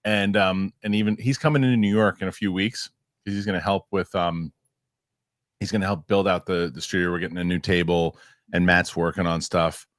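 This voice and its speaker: A man's voice: sits low, little pitch movement, brisk, no echo, studio quality. A man hosting a casual podcast chat, jokey and rambling. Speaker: host. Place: New York studio.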